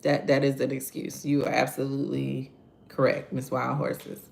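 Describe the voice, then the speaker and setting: A woman's voice: a bass voice, monotone, normal speed, vocal fry, darkish tone. A woman hosts a morning devotional, reading verses and commenting on them animatedly for her viewers. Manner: talks to viewers directly, reading their chat names. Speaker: devotional host.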